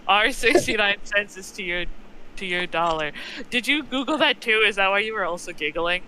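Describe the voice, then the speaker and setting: Man, high bright voice, very lively pitch, giggly, sweary chat, faint background noise. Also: normal speed, low-quality recording. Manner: giggly, loud swearing, breaks into laughter. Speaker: stream co-host. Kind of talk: casual chat.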